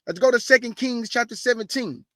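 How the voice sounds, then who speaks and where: A man with a high, light voice preaching hard, blunt and combative, in plain street talk. He pushes up into forceful emphasis and then reads scripture aloud. The sound is close and dry, with no room around it. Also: fairly quick, dry recording. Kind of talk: fiery sermon with scripture reading.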